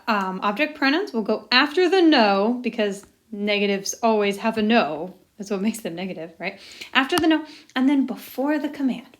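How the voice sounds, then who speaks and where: A woman's voice: a little high, a little hiss or hum. A young woman teaching a recorded language lesson, chatty and jokey, muttering asides to herself as she writes. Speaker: Spanish teacher.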